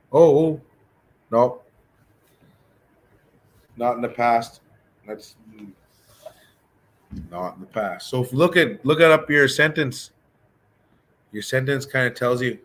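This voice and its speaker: A man teaching a casual beginner language class, talking in a relaxed, chatty way and thinking aloud with frequent restarts. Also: mid-range voice, slow, long pauses.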